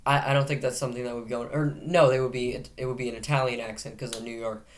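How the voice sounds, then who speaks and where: A man's voice: mid-range voice, flat delivery, quick pace. A man hosting his own news commentary show, reading stories aloud in a casual way. He adds sarcastic jokes and often stops to correct himself. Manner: frequent self-corrections and restarts.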